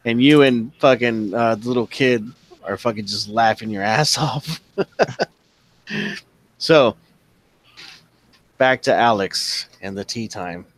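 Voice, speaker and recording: A man's voice: medium pitch, slow pace, long pauses, no echo, poor audio. Man, game master, profane, laughing, dry recording. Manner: casual, profane, laughs often. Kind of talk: narrating a tabletop game.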